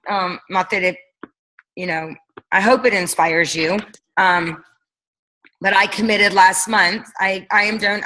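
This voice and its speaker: A woman's voice: mid-range voice, pushed and bright, rough recording. A woman coaching her team on a leadership call, talking casually and energetically, firing off rhetorical questions. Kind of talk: motivational coaching talk.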